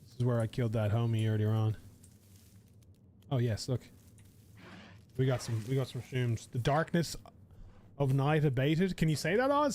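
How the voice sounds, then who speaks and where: A man's voice: mid-range voice, normal speed, pauses often, darkish tone. A man live-streaming a survival game, chatting to viewers in a rambling, casual way and swearing freely.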